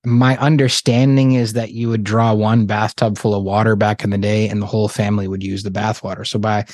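A man's voice: lowish voice, level tone, brisk, darkish tone, no echo. A man hosting an interview podcast, talking casually with joking, self-mocking asides. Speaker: podcast host.

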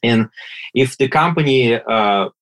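A man with a Russian accent, a native Russian speaker, talking as an interview guest in halting speech with many fillers and restarts. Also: mid-range voice, animated, a bit bright, low-quality recording. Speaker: guest, operations and IT director. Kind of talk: casual interview talk.

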